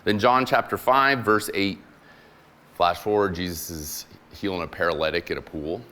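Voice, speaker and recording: This deep, bright voice moves at normal speed with a forceful edge. The speaker, a military chaplain visiting as guest preacher, gives a sermon that playfully recasts scripture in slang and voices its characters through loose, chatty paraphrase.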